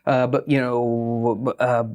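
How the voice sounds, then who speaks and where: A middle-aged man, a guest on an interview podcast, telling stories in an animated, joking way with quick asides. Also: mid-range voice, clean tone. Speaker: guest, pitch expert.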